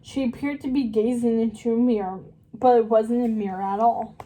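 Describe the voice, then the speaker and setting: A woman reading a children's novel aloud, slowly and carefully, with small slips and restarts. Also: fairly high pitch, steady tone, warm tone, poor audio. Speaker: reader.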